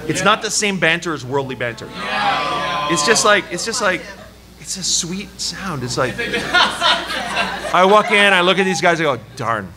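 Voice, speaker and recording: A man preaching a sermon at a church service, telling a personal story in an animated, joking way. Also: high voice, a little slow, pauses often. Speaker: pastor. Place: church service before a congregation. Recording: live church hall with crowd. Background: audience laughing and calling out.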